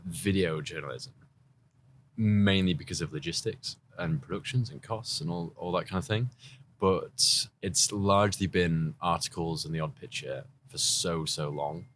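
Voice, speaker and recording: A man's voice: low voice, fairly bright tone, slight background noise. An English man, a podcast guest and video journalist, telling his story in a chatty, rambling way. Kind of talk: casual interview talk.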